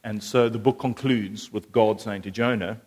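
A man preaching a sermon, animated and lively at times, then hushed and earnest. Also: fairly low pitch, moderate pace, breathy edge. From South Africa.

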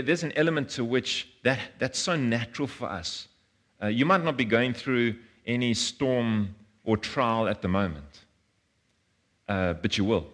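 A man's voice: medium pitch, a bit bright. A man preaching a conversational sermon, earnest and informal, often restarting and repeating words as he speaks.

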